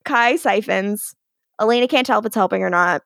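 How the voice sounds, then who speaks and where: A woman's voice: medium pitch, a little fast, creaky, a bit bright, no echo, studio quality. A woman co-hosting a podcast, recapping an episode in casual chat and laughing often. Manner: giggly, breaks into character voices.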